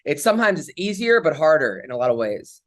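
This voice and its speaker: A man's voice: a little high, sing-song, fast talker. A man telling stories on a comedy podcast, casual chat, rambling with lots of fillers and restarts.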